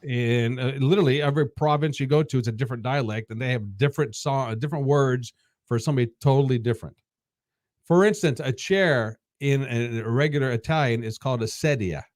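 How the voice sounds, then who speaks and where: A man in his fifties, a podcast guest, telling casual stories in a halting way that repeats words. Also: mid-range voice, darkish tone, no room sound, studio quality. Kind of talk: casual storytelling.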